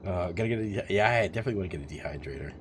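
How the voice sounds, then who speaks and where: Man, 40s, very low voice, rambling, profane, casual stream storytelling. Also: slight background noise.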